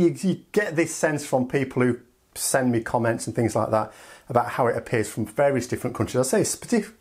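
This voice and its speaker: A man from the United Kingdom, giving sardonic, animated political commentary in a casual vlog. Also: on the high side, slightly rough. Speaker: political vlogger.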